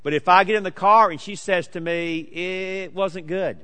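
A man in his late forties preaching a sermon, emphatic and swinging between loud declarations and hushed asides. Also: sits high, brisk, long reverb tail. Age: 40s. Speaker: pastor.

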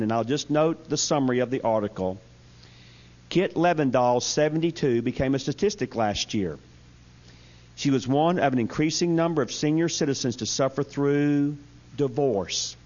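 A man preaching a humorous, storytelling sermon to a church congregation. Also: mid-range voice. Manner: storytelling, folksy, animated. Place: church service. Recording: dull lo-fi sound.

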